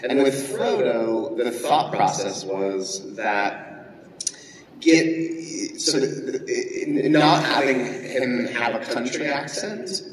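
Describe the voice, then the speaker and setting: A man on a convention panel, explaining things thoughtfully with frequent pauses and ums. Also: medium pitch, lively intonation, a little hiss or hum. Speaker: actor panelist. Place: large indoor convention hall. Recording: echoey hall from far off with crowd.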